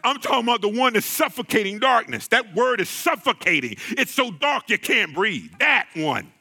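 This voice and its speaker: A man's voice: high-pitched, very animated, moderate pace, gravelly, bright, forceful tone. A man preaching a sermon, repeating phrases, calling out to the congregation and exclaiming.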